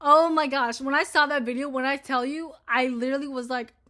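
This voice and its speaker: Woman in her twenties, bright voice, casual rant, heavy swearing, lots of filler words. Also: sits high, fairly even intonation, fast. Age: 20s. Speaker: vlogger. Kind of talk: casual ranting commentary to camera.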